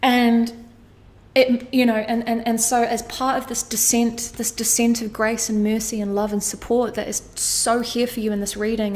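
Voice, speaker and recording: In this astrology tarot monologue, a tarot card reader speaks to her audience in a voice that is a bit high and a bit mellow. Her delivery is heartfelt and emotional, with frequent repetition and offhand cursing.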